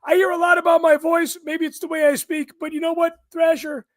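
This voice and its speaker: A man with a strikingly high, thin, strained voice talks in loose, casual podcast chat. He is blunt, swears freely and laughs easily. The sound is close and dry, with no room around it. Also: level tone, a little fast, fairly bright tone, dry recording. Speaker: podcast co-host guest.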